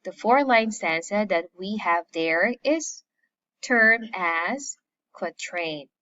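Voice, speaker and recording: A woman teaching a recorded lesson. She speaks deliberately and stresses each term in a list. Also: mid-range voice, expressive, bright, forceful tone. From Philippines. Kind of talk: recorded classroom lecture. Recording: slightly muffled lo-fi audio.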